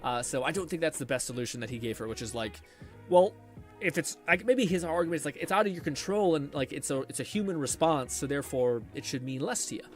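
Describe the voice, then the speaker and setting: Rambling man streamer, higher voice. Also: fast talker, faint music behind. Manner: rambling, many fillers and restarts. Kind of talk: casual chat reading stream comments.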